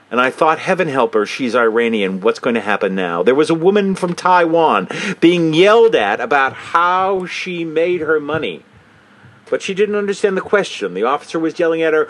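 A man's voice: mid-range voice, expressive, moderate pace, fairly bright tone. A man hosting a comedic commentary, mocking and swearing casually while reading a statement aloud. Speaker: host.

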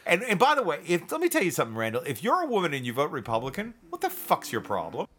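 A man co-hosting a casual political chat, talking in a profane, animated way and laughing often. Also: on the high side, quick pace, a little hiss or hum. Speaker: podcast co-host.

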